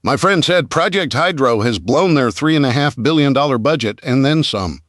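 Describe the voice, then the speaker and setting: A man's voice: medium pitch, animated, moderate pace, fairly bright tone, no echo, voice pushed up, natural voice. A man voicing a sarcastic, grumbling young woman scientist in an audiobook, with a dry manner. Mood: indignant. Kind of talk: audiobook character voice.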